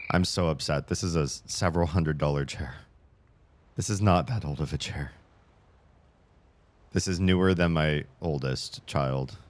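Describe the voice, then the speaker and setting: Deep-voiced male streamer, exasperated chat. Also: no echo. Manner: exasperated, animated ranting; reads chat messages aloud and answers them. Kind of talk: casual livestream chat. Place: home streaming desk.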